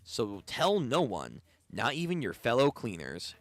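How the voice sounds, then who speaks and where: A man voicing a calm, polite male information broker who keeps secrets. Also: mid-range voice, unhurried, dry recording, pitched below the performer's own voice. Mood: secretive. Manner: smooth, polite, withholding.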